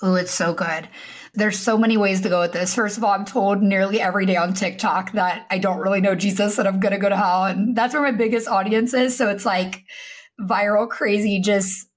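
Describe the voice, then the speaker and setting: A woman's voice: medium pitch, steady tone, fairly quick. A young adult woman, a podcast guest, telling a candid personal story openly and with feeling, laughing now and then. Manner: open, emotional, laughs while telling painful story.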